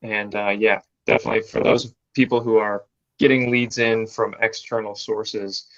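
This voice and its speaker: A man from a product team casually explaining upcoming software features in an easygoing way that trails off quietly. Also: on the low side, flat delivery, normal speed, dull audio.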